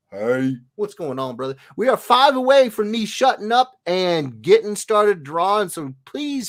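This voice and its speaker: A man's voice: high-pitched, sing-song, moderate pace, hardly any pauses. A man hosting a casual livestream, animatedly reading viewer comments aloud with sing-song greetings. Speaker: livestream host, illustrator.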